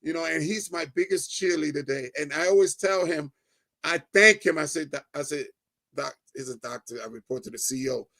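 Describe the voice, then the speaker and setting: High, gravelly middle-aged man telling his story. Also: a little fast. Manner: animated storyteller, keeps adding "right?"; acts out quoted dialogue. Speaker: guest. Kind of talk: personal testimony in conversation.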